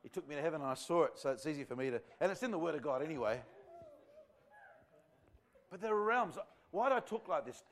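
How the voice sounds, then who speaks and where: A man's voice: a little high, lively intonation, quick pace, pauses often. A man preaching a revival sermon to a church congregation, fervent and rambling in a conversational way. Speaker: visiting evangelist.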